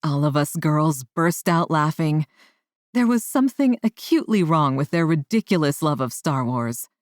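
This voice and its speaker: A woman reading a romance audiobook in the first person, in a measured way, raising her voice for the characters. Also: low voice, expressive, dry recording, clean studio sound. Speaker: audiobook narrator. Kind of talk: scripted first-person narration.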